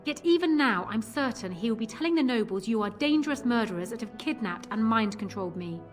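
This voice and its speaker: An actress voicing a grave, earnest young noblewoman in a game, with formal, measured speech. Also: a little high, animated, lightly acted. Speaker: game character. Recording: game audio with music behind.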